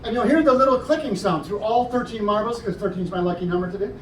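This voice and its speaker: This is live stage patter from a male juggler at a library, delivered at a quick pace in a high-pitched voice as he jokes and breaks down each trick step by step. The camera sat out in the audience of the indoor program room, so the recording is roomy, distant and noisy.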